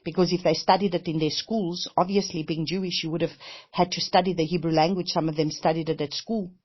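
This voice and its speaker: A woman's voice: lowish voice, steady tone, fairly quick, slightly rough. Earnest woman preaching, dull lo-fi sound. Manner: heartfelt, conversational, many repeated phrases and "you know". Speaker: minister. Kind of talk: testimony-style sermon. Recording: dull lo-fi recording.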